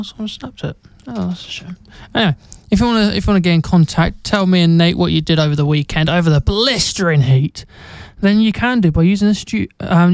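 Chatty, jokey radio DJ. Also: male voice, high voice, no room sound. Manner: chatty, jokey, rambling with restarts. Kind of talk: casual radio presenting. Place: radio studio. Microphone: studio mic.

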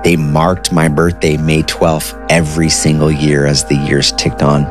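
A man in his thirties telling a personal story in a casual, animated, conversational way. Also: extremely low pitch, unhurried, music in the background. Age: 30s. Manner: animated, conversational, says dude and like.

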